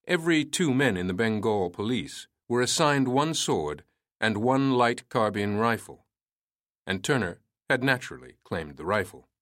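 A man reading a historical story aloud in a measured storytelling manner. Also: fairly low pitch, very animated, fairly bright tone, no echo, studio quality. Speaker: narrator. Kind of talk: scripted narration.

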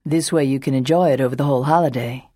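A woman's voice: rumbling low, fast talker, warm tone, no room sound, clean studio sound. A woman voicing a proper, nervous young man who speaks in a hesitant, cautious way.

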